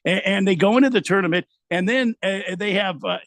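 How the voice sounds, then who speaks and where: Higher-voiced, halting male radio host. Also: gravelly, a bit bright, dry recording. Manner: halting, repeats words while building an argument. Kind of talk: casual sports talk.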